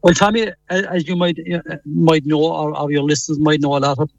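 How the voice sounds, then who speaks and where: A man's voice: fairly high pitch, level tone, a little fast, vocal fry, no echo. A middle-aged man from Cork with a strong Cork accent, a hesitant, friendly radio guest calling in, full of restarts and fillers. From Cork, Ireland. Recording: dull phone-line sound.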